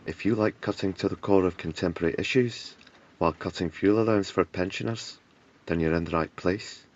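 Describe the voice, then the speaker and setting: A man playing an awkward, put-upon male politician hosting a talk show, in a dry, deadpan comedy sketch. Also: low-pitched, brisk, lo-fi sound.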